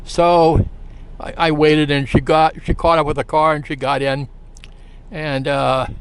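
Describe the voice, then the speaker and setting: A man telling a long, halting anecdote in a casual, rambling way, full of fillers and restarts. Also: a little high, little pitch movement, clean tone. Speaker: storyteller.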